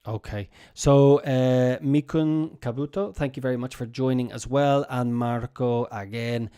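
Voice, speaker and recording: A male stream host teaches English in a laid-back way, patiently repeating vocabulary and phrases with many fillers and a loose, chatty manner. He's unhurried, with a medium-pitched, fairly even voice. The tone is dark, clear, and resonant.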